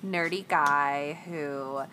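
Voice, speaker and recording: Rambling low-voiced woman co-host. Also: fairly even intonation, drawn-out words, a little hiss or hum. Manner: rambling, full of "like" and restarts, trailing off quietly. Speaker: podcast co-host. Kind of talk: casual chat.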